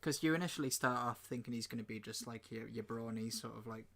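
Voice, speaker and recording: A man co-hosting a casual podcast, rambling warmly through his opinions with plenty of "um" and "like". He often slips into quick impressions of lines he is quoting. His pitch sits in an ordinary middle range. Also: vocal fry. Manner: chatty, lots of fillers, acts out lines from the show. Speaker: podcast co-host. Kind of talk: casual chat about a TV show.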